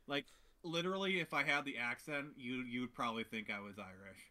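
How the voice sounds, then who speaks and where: Brief: man, podcast guest, very bright sharp voice, hesitant joking casual talk. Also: mid-range voice, a little fast. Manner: hesitant, many ums and restarts, joking. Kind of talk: casual chat.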